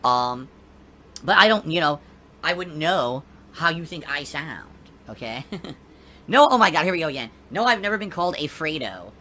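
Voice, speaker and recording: A man's voice: a little high, expressive, sharp tone. A male streamer from Connecticut, talking defensively to his viewers. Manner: talks quickly and defensively.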